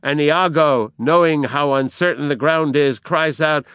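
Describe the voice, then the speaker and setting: A male lecturer narrates dramatic scenes slowly and emphatically, his voice smooth and resonant. The sound is dry and close, with no room echo. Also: a little high, a bit bright. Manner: dramatic, emphatic narration woven with quoted verse. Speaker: literature lecturer. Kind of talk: lecture on Shakespeare.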